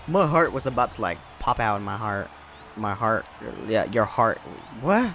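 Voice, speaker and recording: A young man hosting his gaming channel, giving excited gameplay commentary, yelping, laughing and repeating words as he plays. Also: fairly low pitch, moderate pace. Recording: faint game music behind.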